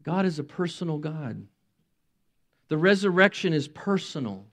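A middle-aged man preaches a sermon in a slightly high voice, retelling scripture with dramatic voiced quotes that build to emotional peaks. The sound is close and dry, with no room around it. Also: lively intonation, normal speed, fairly bright tone, no echo. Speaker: pastor.

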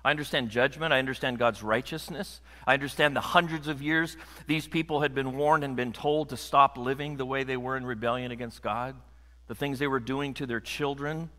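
A middle-aged American man preaching a lively sermon as pastor, building to loud emphatic peaks and joking with the congregation. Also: medium pitch, a little fast, big-room sound. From United States.

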